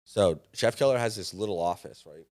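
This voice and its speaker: A man's voice: deep voice, expressive, fairly quick, darkish tone. A man in his thirties, a podcast guest, telling a story casually and acting out the dialogue.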